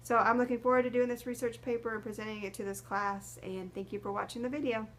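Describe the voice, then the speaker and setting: A young adult woman presenting as a student, reading a prepared class presentation in a steady, careful way. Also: on the high side, fast talker, slight background noise. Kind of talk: read-aloud class presentation.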